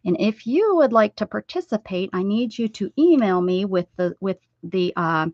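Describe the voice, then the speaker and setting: A woman hosting a casual craft livestream, rambling and chatting warmly with viewers as she sews. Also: mid-range voice, animated, normal speed, dry recording. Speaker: livestream host. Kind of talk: casual livestream chat while sewing. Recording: dull, dry lo-fi sound.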